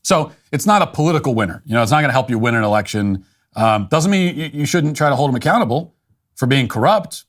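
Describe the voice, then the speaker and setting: Male commentator, blunt and dismissive, mid-pitched, trips over restarts. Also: animated, quick pace. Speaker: political commentator. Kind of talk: opinionated monologue.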